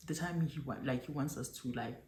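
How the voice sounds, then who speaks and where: A woman's voice: very deep voice, a little fast. A young South African woman with a South African accent telling a dramatic story in a storytime vlog, switching between languages as she goes. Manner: animated, dramatic retelling with code-switching. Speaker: YouTuber. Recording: echoey room with faint noise.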